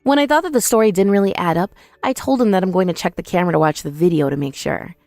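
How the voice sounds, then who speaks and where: A woman's voice: lowish voice, fast talker, vocal fry, darkish tone, dry recording, faint music behind. Woman, first-person drama narrator, scolding, confrontational, dry close sound.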